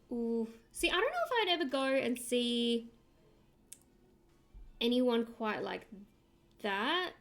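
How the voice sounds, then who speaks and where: A woman's voice: fairly high pitch, very animated, slow, long pauses, a bit bright. A young woman from Australia with an Australian accent, chatting casually and rambling as she streams herself drawing and answers chat. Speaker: livestreamer.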